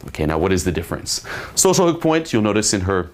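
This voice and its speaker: A man with a somewhat low voice teaches dating technique in an emphatic monologue. He keeps checking in with a quick "okay?" and slips into exaggerated higher voices to act out how women respond. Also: very animated. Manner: acts out women's replies in raised voices. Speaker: dating coach. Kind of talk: instructional monologue.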